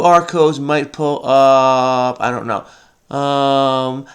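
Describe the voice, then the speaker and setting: A man's voice: fairly high pitch, unhurried. A man thinking aloud as he solves a crossword, frenetic and muttering to himself, often breaking into bits of song. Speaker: crossword solving video host. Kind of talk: thinking aloud while solving, casual.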